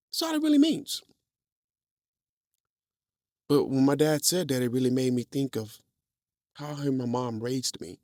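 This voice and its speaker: Animated storytelling man, lively pitch. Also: dry recording, clean studio sound. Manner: animated, laughs often, repeats words, acts out quotes. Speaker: podcast host. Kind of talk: casual storytelling monologue.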